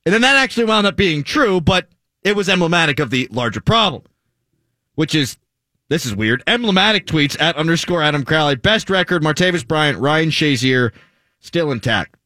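A man hosting sports talk radio, opinionated and quick, reading listener tweets into a close studio microphone. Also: fairly high pitch, big pitch swings, sharp tone, no room sound.

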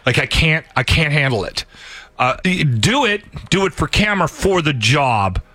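Bright-voiced radio host man. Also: a little high, moderate pace, no room sound. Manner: emphatic, animated, frequent restarts. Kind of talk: casual on-air banter.

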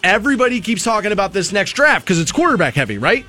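A man's voice: high voice, big pitch swings, fast talker, bright, forceful tone, soft background music. A man hosting a sports talk show, making opinionated arguments and repeating his points for emphasis. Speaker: radio sports show host.

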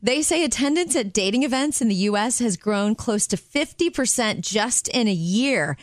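A woman co-hosting a show, presenting light feel-good stories in an upbeat, lively way. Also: fairly high pitch, normal speed, no room sound. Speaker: radio show co-host. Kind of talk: casual chat and news-story reading.

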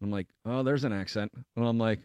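A man, co-hosting a morning radio show and telling a story in casual chat, acting out quotes loudly. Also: lowish voice, fairly quick, clean tone, no echo. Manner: animated, acts out quotes loudly.

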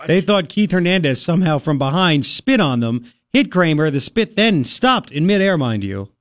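A man's voice: fairly high pitch, big pitch swings, moderate pace, no room sound, studio quality. A man hosting a radio talk show, chatting casually and laughing, mocking people in a playful voice. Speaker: radio host.

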